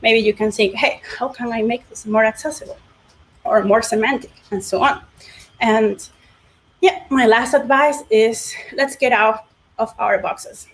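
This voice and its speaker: A woman's voice: fairly high pitch, measured pace, poor audio. A woman speaker closing her tech talk with earnest, encouraging advice. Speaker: conference speaker.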